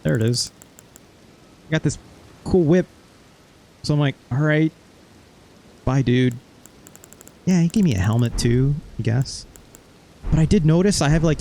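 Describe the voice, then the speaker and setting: A man's voice: fairly high pitch, mellow, slight background noise. Rambling, casual gamer guy. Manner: rambling, swears casually, recaps with quoted asides. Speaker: gaming video host. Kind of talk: casual let's-play commentary.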